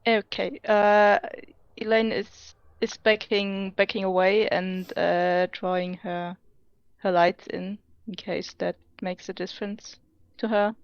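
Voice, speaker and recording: A woman playing in a tabletop role-playing game, halting and thinking aloud as she describes her moves. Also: medium pitch, level tone, smooth, no room sound, muffled recording. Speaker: player.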